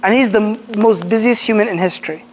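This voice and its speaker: A man giving a casual religious lesson to young people, telling animated stories, acting out quotes and restarting his sentences often. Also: high-pitched, fast. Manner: animated storyteller, acts out quotes, many fillers and restarts. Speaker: Islamic teacher. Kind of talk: casual religious lecture to a youth group. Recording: long hall reverb.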